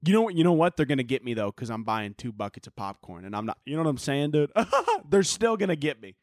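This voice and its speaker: A man's voice: on the high side, wildly swooping pitch, fast talker, no echo, studio quality. A young man hosting a podcast, rambling through casual, profane, jokey chat and laughing often. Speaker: podcast host.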